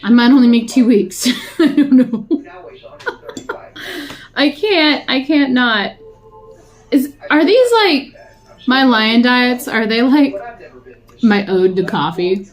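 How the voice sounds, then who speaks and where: A woman's voice: fairly high pitch, lively intonation, slow pace, long pauses. Chatty woman vlogging while eating. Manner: rambling, chatty, laughs often. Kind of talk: casual talking while eating.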